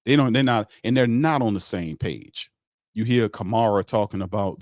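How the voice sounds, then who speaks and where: A man's voice: on the low side, a little fast, no echo, studio quality. A man hosting a sports talk show in a blunt, emphatic rant that repeats points for emphasis.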